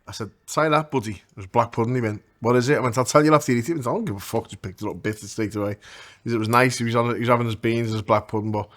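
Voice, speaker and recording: A man with a Liverpool accent talks fast at a middle pitch. He tells blunt anecdotes and swears casually. He co-hosts a relaxed podcast chat. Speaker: podcast co-host.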